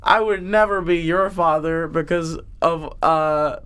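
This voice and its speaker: A man voicing a whiny, insecure male troll who asks riddles, in a halting, put-upon drawl. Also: a little high, fairly bright tone, smooth. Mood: smug.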